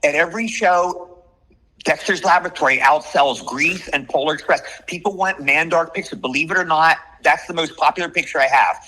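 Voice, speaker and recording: An older man telling stories as an actor being interviewed, chatty and excitable. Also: on the high side, poor audio. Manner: chatty storyteller, quick and excitable. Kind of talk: casual interview chat.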